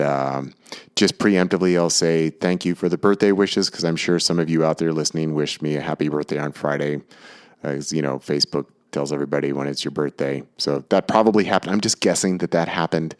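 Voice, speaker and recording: A man in his forties from the United States, hosting a podcast in an easygoing, chatty way with frequent filler pauses. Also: low voice. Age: 40s. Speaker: podcast host. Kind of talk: casual podcast talk.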